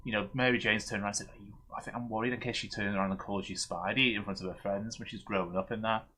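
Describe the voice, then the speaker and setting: A man's voice: lowish voice, steady tone, fast talker, pushed and bright. A man casually recapping comics as the host of a streamed review show, rambling with many fillers and restarts.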